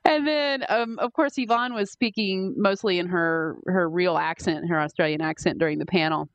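Lowish-voiced woman chatting on a podcast, lots of ums, dull dry sound. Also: normal speed, dry recording. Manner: chatty, many fillers and restarts. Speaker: podcast co-host. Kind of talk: casual chat.

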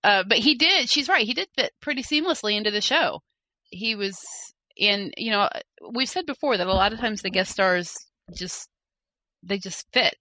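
Bright-voiced chatty woman podcast co-host. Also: mid-range voice, animated, normal speed, no room sound. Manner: chatty, rambling with fillers and self-corrections. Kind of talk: casual chat, reading listener mail.

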